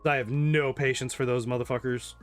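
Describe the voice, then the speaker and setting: A man's voice: mid-range voice, fairly even intonation, normal speed, soft background music. A man chatting casually and rambling while playing a game, swearing freely and laughing often. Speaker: gaming streamer.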